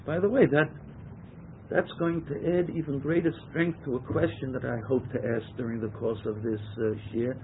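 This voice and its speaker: A man's voice: medium pitch, fairly even intonation, moderate pace, slight background noise. A man teaching a Torah class, translating verses phrase by phrase and stressing key words. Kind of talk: text-study lecture. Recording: tinny phone-like lecture recording.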